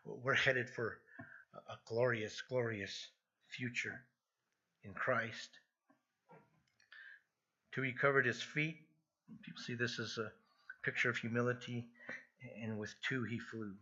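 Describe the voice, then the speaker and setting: A man's voice: medium pitch, steady tone, a little slow, pauses often, pushed and bright, lo-fi sound. A man preaching an earnest expository sermon, emphatic and prone to restarting his phrases. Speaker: pastor.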